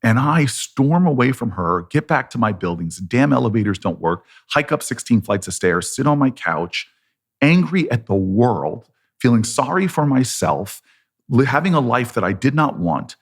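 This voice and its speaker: A man's voice: mid-range voice, sing-song, normal speed. A man in his fifties with an American accent, telling a long story with animation and acting out both sides of the conversations. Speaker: politician guest.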